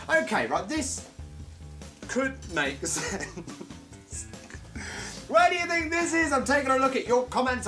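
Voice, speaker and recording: A man hosting a live comedy stream, chatting playfully and joking at his own expense while reading viewer comments. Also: high-pitched. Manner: playful, self-mocking, animated, jokes at his own expense. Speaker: host of a live comedy show.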